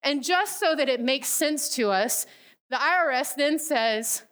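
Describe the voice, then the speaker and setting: A woman preaching a casual sermon, retelling a parable with lively storytelling and acted-out voices. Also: high-pitched, measured pace. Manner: animated storytelling, acting out the characters.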